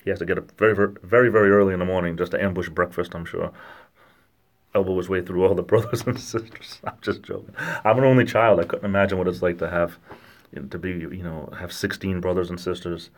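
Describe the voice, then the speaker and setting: Deep-voiced Rhode Island man chatting. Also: steady tone. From lower New England, Rhode Island–Massachusetts border. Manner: rambling, joking, halting with fillers and restarts. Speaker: livestream host reading chat. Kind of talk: casual livestream chat.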